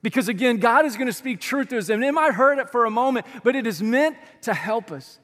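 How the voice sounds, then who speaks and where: A man with a high, bright-pitched voice preaches a sermon, speaking to his congregation in a loose, everyday way. The sound rings with a long reverb, as in a big church hall. He talks like a pastor chatting with friends rather than reciting. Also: animated, brisk. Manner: conversational and colloquial, addressing the congregation directly.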